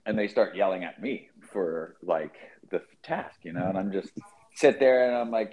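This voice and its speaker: A man with a low voice tells a relaxed story from work, cursing now and then. The recording sounds muffled and lo-fi. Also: normal speed. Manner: laid-back, profane anecdotes. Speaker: podcast co-host. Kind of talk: casual storytelling.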